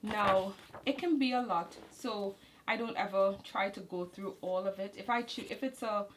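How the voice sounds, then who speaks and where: A woman's voice: medium pitch, moderate pace, poor audio. Lady walking thru a reading lesson, chatty and loose, a bit of hiss behind. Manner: casual, explanatory, with fillers and self-corrections. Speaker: homeschool channel host. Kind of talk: walking through a curriculum manual.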